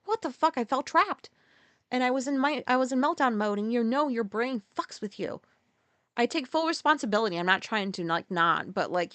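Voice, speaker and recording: A woman's voice: a bit bright, clean tone, no room sound. Candid, profane woman telling a story. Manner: halting, profane, with restarts and sudden pitch jumps. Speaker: podcast host.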